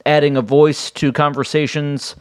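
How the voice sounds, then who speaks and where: A man's voice: on the high side, steady tone, moderate pace, clear, resonant tone. A man hosting his own podcast, talking casually on his own, rambling and often restarting his sentences. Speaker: podcast host. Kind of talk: casual solo podcast monologue.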